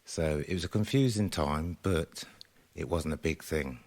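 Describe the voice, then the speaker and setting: A man being interviewed for a documentary, recalling his childhood calmly with unhurried pauses. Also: extremely low pitch.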